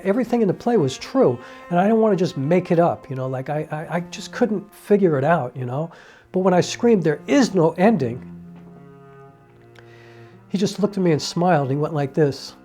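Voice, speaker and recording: A man speaks a heartfelt, reflective monologue to the camera in a fairly high, mellow voice. He talks earnestly, leaning on "you know" as he thinks aloud, while faint violin music plays behind him. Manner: acts out quoted dialogue with raised voice. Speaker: independent filmmaker and playwright.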